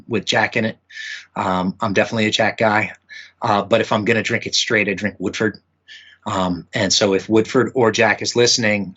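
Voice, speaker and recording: A man's voice: lowish voice, a bit bright. Man rambling about his hobbies, lo-fi. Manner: rambling, many fillers and restarts. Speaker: musician guest. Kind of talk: casual interview chat. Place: home room with memorabilia.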